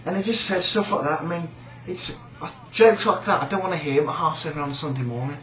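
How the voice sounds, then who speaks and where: A British shop worker rants casually about a coworker, sneering, rambling and swearing as he goes. His voice is on the high side, fast, pushed and bright. The recording is rough and reverberant.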